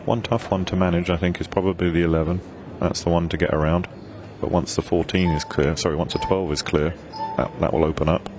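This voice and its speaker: Male pool commentator, very low voice, easygoing and chatty, booth hum behind. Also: flat delivery, fairly quick, few pauses. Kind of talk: live sports commentary.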